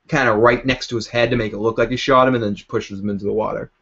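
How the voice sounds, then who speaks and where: A man's voice: on the low side, steady tone, a little fast, fairly bright tone, lo-fi sound. A man casually recapping a TV episode from a basement, rambling, chuckling and acting out scenes as he goes. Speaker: show recap host.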